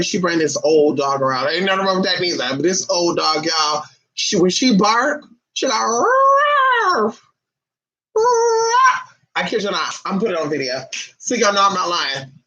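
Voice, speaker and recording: A sassy, foul-mouthed vlogger rants straight to camera with plenty of emphasis, tossing in honey and baby. The voice sits at a middle pitch, and the recording sounds dull and lo-fi. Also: a bit bright, breathy edge. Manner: calls listeners honey and baby. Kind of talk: casual ranting monologue to camera.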